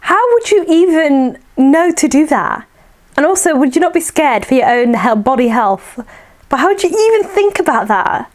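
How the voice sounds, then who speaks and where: Woman, high animated voice, reaction video host, incredulous. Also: normal speed. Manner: incredulous, questioning. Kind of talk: reacting to a clip.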